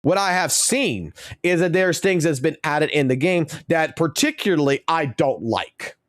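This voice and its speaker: A man's voice: a little high, expressive, unhurried, a bit bright, no echo. Profane ranting male streamer. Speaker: game streamer and host. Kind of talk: live-stream rant.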